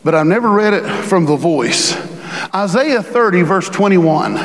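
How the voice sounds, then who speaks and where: Man, pastor, sermon, unhurried delivery, hushed to booming, reverberant hall. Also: lively intonation. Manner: swings from hushed to booming when reading scripture.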